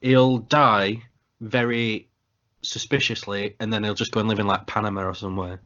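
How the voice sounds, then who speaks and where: A man from England co-hosting a casual podcast over a video call, making dry, deadpan jokes. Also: lowish voice, moderate pace. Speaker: podcast co-host. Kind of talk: casual chat. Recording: dull lo-fi call audio.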